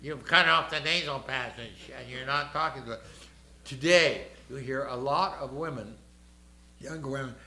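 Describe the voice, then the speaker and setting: A man's voice: mid-range voice, normal speed, bright, forceful tone. An older man directing a choir rehearsal, explaining the music and counting the singers in. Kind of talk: choral rehearsal instruction. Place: rehearsal room. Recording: echoey rehearsal room.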